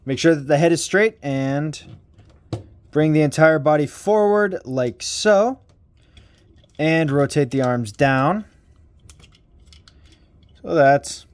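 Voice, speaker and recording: Male toy reviewer, slightly high voice, slow and rambling, self-deprecating, casual swearing.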